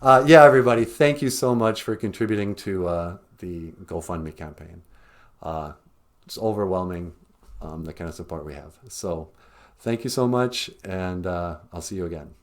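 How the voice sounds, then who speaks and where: A soft-spoken man thanking supporters, hesitant, with fillers. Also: low voice, moderate pace.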